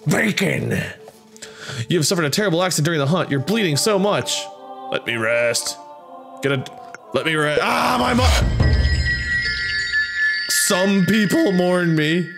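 Chatty young man over game music. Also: a little high. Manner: chatty, wry, bouncing between reading and quick reactions. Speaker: gameplay commentator. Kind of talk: casual let's-play commentary, reading game cards aloud. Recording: game music playing behind the voice.

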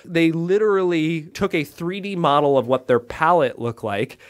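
A man runs a casual science podcast, reading out articles and riffing on them. His voice sits a little high, and he talks in an animated way, tossing in quick asides. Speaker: podcast host.

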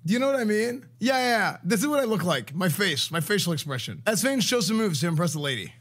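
A man's voice: high-pitched, fast talker. A man streamer hosting a recap, telling stories in a dramatic, punchy way. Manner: excitable, dramatic, punchy delivery. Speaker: streamer host. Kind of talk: animated recap storytelling.

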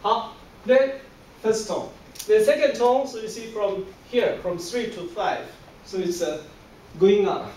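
A man with a high voice leads a classroom drill at an unhurried, deliberate pace. He coaxes the learners patiently, laughs easily and repeats each sound to model it. The mic sits far away in a very echoey room with a faint hum behind. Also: darkish tone. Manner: patient, coaxing, laughs often. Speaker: Chinese language teacher.

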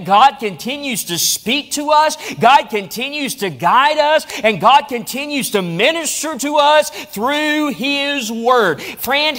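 A man's voice: very high-pitched, a bit bright. A male pastor preaching a sermon, building emphasis through repeated phrases. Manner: preaching with rising emphatic repetition. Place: church auditorium.

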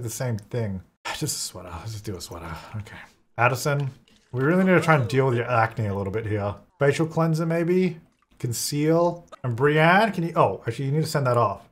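A man's voice: medium pitch, fairly bright tone. A young man chatting while playing a life-sim game, laughing often and slipping into brief silly voices for the characters. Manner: chatty, laughs often, jumps between playful put-on voices. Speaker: gaming video creator.

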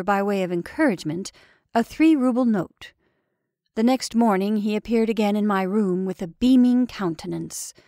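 A woman storyteller reading a classic tale aloud in a measured, expressive way. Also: mid-range voice, no room sound, clean studio sound. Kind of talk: scripted narration of a classic story.

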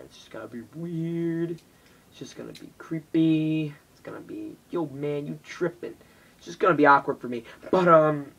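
A teenage boy vlogging in casual chat, rambling and swearing, jumping between loud bursts and whispers. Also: medium pitch, breathy edge, recorded from a distance, low-quality recording. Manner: rambling, swearing, jumpy loudness with mock voices and whispers. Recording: voice drifting off the mic.

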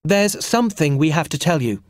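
A woman's voice: deep voice, big pitch swings, normal speed, no room sound, clean studio sound, pitched above the performer's own voice. A man voicing an eager young girl in an audiobook story who pleads to be heard. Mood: urgent.

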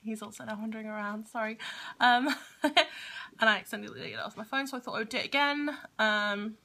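A woman's voice: a little high, fairly even intonation, quick pace, vocal fry, sharp tone. A woman with a Grimsby accent, chatting casually to camera at home in a rambling vlog, often breaking off mid-thought. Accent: Grimsby English. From Grimsby, England. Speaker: vlogger. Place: at home, indoors. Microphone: camera on a small tripod.

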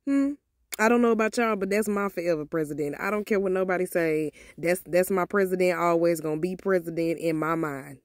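A woman's voice: fairly low pitch, brisk, dry recording, studio quality. A woman with talking straight to her viewers in a casual vlog, sassy and heated as she gives her opinions. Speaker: motivational vlogger.

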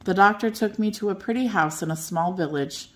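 An older woman reading a children's bedtime story aloud in a gentle, expressive way. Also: mid-range voice, brisk.

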